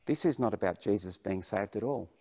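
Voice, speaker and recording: A man's voice: on the low side, brisk, a little mellow. A man preaching a sermon, reading Bible verses aloud with emphasis and then explaining them.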